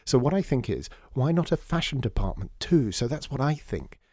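A gushing young woman fashion student, as a male narrator puts her on, rambling and chatty in a lively voice. She sits higher than the reader's own tone and sounds mellow, in a dry, close recording. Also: normal speed, breathy edge, no echo. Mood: eager. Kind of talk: audiobook character voice.

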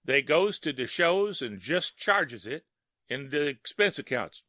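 A man's voice: on the high side, big pitch swings, measured pace, sharp tone, no room sound, studio quality, pitched above the performer's own voice, heavily acted. A man doing a chatty young elevator boy. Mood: gossipy. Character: gossipy young male elevator operator.

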